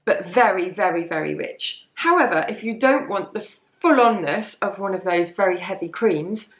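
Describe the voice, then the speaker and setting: A woman's voice: mid-range voice, animated, normal speed, reverberant. A woman casually chatting through her favourite beauty products, rambling and self-deprecating as she goes. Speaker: beauty vlogger.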